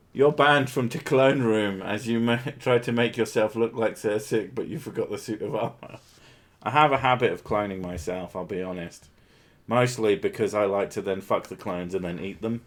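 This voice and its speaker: A man hosting a casual livestream, reading viewer comments aloud with crude jokes and frequent laughter. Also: lowish voice. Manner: crude, joking, laughs often. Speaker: streamer host.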